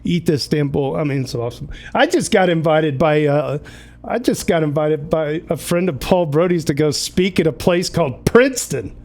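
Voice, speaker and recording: A man's voice: a little high, a little mellow. Chatty upbeat male livestream host. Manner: upbeat, chatty, reads names and announcements quickly. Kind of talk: casual livestream hosting.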